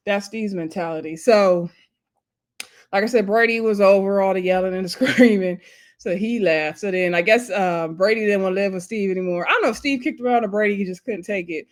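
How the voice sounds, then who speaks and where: A woman talks through a TV episode like she's catching up with a friend. She chats, laughs, and slips into quick voices for the characters she describes. Her pitch sits in an ordinary middle range. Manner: chatty, laughing storyteller who acts out quotes. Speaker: TV show reviewer. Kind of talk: casual episode recap.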